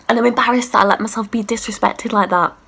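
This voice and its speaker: Brash sweary woman with gravelly bright voice. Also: fairly high pitch, fairly quick. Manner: brash, sweary, animated storytelling. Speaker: vlogger. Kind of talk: storytime vlog.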